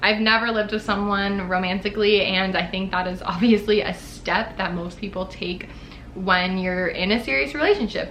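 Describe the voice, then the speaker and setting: A woman's voice: medium pitch, steady tone, normal speed, a bit bright, a little hiss or hum. A young woman in her twenties talking casually to her viewers in a Q&A vlog, chatty and full of "like" fillers. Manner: chatty, many "like" fillers, frequent laughs. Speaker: YouTuber. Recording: echoey room with faint ambience.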